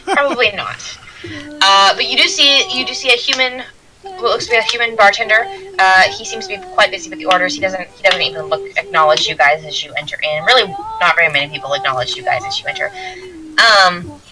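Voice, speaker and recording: A woman's voice: mid-range voice, fairly quick, crowd noise, low-quality recording. A woman narrating as game master in a tabletop game, rambling with restarts. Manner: rambling, many restarts and fillers.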